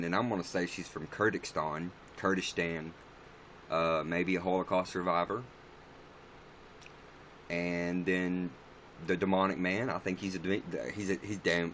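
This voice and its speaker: A deep, low-pitched man's voice with a slightly bright quality chats casually on a livestream, responding to viewer comments as they come in. His talk is blunt and rambling with plenty of swearing, over a faint background hum.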